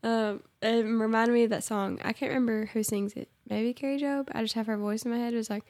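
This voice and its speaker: A woman's voice: on the high side, fairly even intonation, fast, few pauses, darkish tone, dry recording. A woman co-hosting a casual devotional podcast at home, chatty and playful, her voice congested from allergies. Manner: playful, chatty, Southern-tinged banter. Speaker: podcast co-host.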